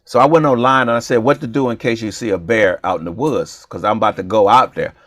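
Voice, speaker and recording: Animated storytelling man in a dry room. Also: on the low side, fast, no echo. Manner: animated, playful, acts out dialogue. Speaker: comedian and show co-host. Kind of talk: casual storytelling chat.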